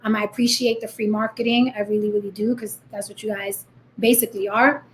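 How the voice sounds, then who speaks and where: A woman's voice: mid-range voice, level tone, brisk, slight background noise. A woman in her thirties from the Bronx with a New York accent, talking bluntly and defiantly to her viewers in a vlog. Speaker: vlogger. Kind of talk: direct-to-camera rant.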